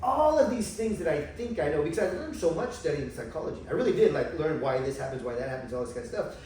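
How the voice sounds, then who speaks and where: A man telling a personal story in a casual conversation, animated and emotional, acting out the voices of others. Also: fairly high pitch, fast. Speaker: guest telling his spiritual experiences. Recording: echoey room, far from mic, faint noise.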